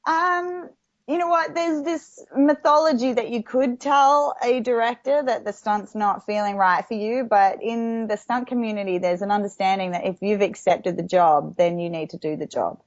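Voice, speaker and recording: A woman's voice: on the high side, moderate pace, no room sound, muffled recording. A woman with an Australian accent, a stunt performer talking as an interview guest in a casual, chatty way, laughing often and acting out what people said.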